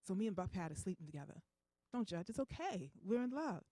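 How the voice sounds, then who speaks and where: A woman comedian tells her stand-up bit at a fast, tumbling pace, acting out her own reactions as she goes. Her voice is close and dry on the mic, with no echo. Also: mid-range voice. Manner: quick, animated storytelling.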